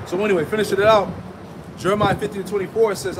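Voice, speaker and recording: Emphatic male street preacher, high pitch, outdoor traffic noise behind him. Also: steady tone, rapid-fire. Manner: emphatic, asks rhetorical "right?" and "man" often. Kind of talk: street sermon with scripture reading.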